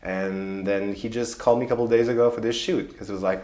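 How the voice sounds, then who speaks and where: A man from French Canada with a strong Quebec French accent, speaking haltingly in an interview as a performer. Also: lowish voice, fairly even intonation, a little mellow, roomy sound. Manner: halting, restarts phrases often.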